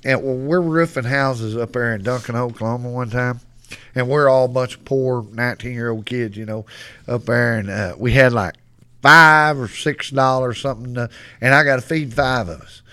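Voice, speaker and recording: A man's voice: mid-range voice, normal speed, bright, forceful tone, clean tone, dry recording. Middle-aged west texas guy telling rowdy stories on a podcast, cussing and laughing. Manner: drawling, profane, laughing storyteller. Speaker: guest. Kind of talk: casual storytelling.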